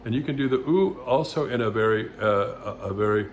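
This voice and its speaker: A man's voice: fairly low pitch, fairly quick, slight background noise. Rambling man coaching voice exercises. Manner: rambling, with many restarts and loud sung vowel demos. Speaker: vocal coach. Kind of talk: casual vocal lesson with demonstrations.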